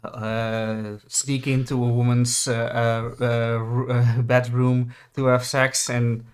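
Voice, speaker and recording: A man chatting casually on a stream, halting and restarting often, searching for words. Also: medium pitch, little pitch movement. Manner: halting, many restarts and fillers. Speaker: podcast co-host.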